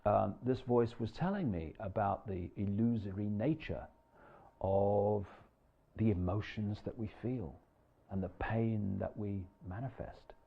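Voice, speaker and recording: A man giving a live lecture to an audience, animated and emphatic, swinging between loud outbursts and quiet asides. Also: fairly low pitch, measured pace, gravelly. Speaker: public speaker. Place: large lecture hall. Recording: dull echoey hall recording.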